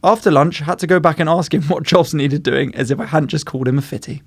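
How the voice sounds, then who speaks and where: A man's voice: on the high side, quick pace, no echo. A man, co-hosting a podcast and telling stories with plenty of swearing and laughter. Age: 20s. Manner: swears freely, laughs often, tells stories. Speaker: podcast co-host. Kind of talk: casual chat.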